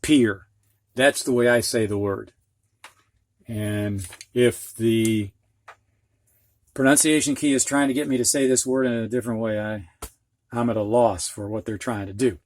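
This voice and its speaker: Slow-talking Midwestern reading teacher. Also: male voice, mid-range voice, steady tone, darkish tone. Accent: American Midwest. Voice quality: frank, plainspoken, exaggerates sounds to demonstrate. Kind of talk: slow, explanatory lesson.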